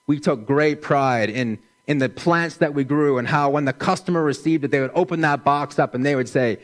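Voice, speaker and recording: A middle-aged man preaching a sermon in a slow, gentle, measured way, dropping his voice softly for emphasis. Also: on the high side. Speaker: pastor.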